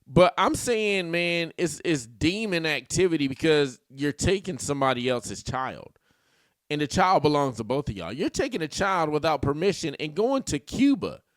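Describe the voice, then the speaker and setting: Role: loud, slangy reaction host, male. Higher voice, lively swings, dry close sound. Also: no echo. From Washington state. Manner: loud, joking, slangy, laughs often. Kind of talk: casual commentary.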